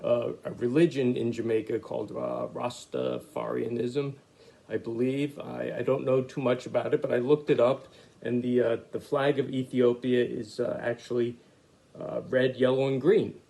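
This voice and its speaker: Gravelly-voiced man teaching an art class. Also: medium pitch, normal speed. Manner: relaxed, chatty, many "uh" fillers. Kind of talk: casual online art lesson for children. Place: home studio, hot room. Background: reggae music playing.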